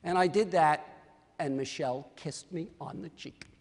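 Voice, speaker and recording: A man, an orthodontist, telling a story to an audience and acting out the dialogue in a lively way. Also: fairly high pitch, moderate pace, long reverb tail.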